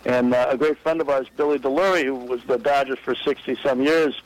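In a rough recording, a baseball executive briskly recounts an anecdote for an interviewer, his pitch medium. He's an energetic storyteller who imitates the voices of the people in his tale.

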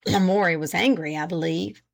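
A woman's voice: on the low side, moderate pace, creaky, voice pushed down. A woman voicing a reluctant older male witness who gives short, grudging answers.

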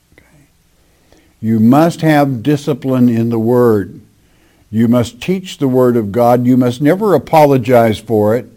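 A man teaching a sermon, reading scripture aloud and explaining it in an emphatic, deliberate preaching manner. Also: mid-range voice, lively intonation, mellow. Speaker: Bible teacher.

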